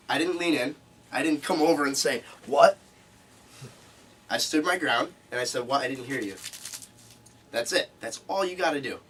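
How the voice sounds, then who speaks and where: A man teaches a live seminar to a group, speaking emphatically and repeating key points. His voice is mid-range and a bit bright, picked up from a distance with slight background noise.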